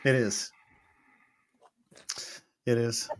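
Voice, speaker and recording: A man's voice: medium pitch, fairly even intonation, very slow. A man co-hosting a podcast who ribs the others in a teasing, dry manner. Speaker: podcast co-host. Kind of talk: casual chat.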